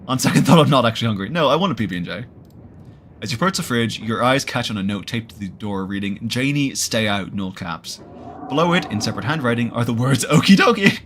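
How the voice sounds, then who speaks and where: A man's voice: on the low side, fairly bright tone, a little hiss or hum. A man streaming a horror visual novel, reading the narration aloud and adding jokey asides.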